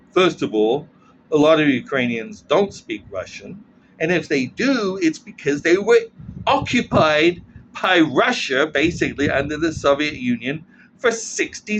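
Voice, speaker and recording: A man's voice: on the high side, fairly bright tone. A man giving a rambling opinion monologue as a commentator, tagging "right?" onto most points. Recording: dull lo-fi with faint noise.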